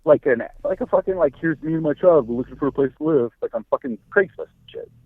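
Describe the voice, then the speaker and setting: A man talks fast and crude in a private phone call, his pitch jumping around a lot. The sound is thin and phone-like, as from a wiretap, with a dry, close quality. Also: lively intonation, no room sound. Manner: crude, rapid gossiping. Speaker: recorded caller. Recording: tinny wiretapped phone line.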